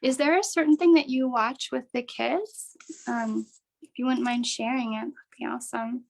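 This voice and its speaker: Upbeat woman leading a craft workshop online, bit of a high voice, gravelly fry, super chatty. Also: fairly even intonation, moderate pace, low-quality recording. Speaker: workshop host.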